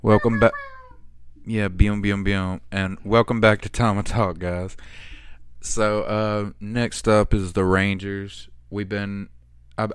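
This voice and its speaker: A man with a low, smooth, resonant voice hosts a laid-back sports chat. He rambles a bit and leans on fillers. The sound is dry and close. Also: no echo. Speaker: podcast host. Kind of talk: casual sports talk.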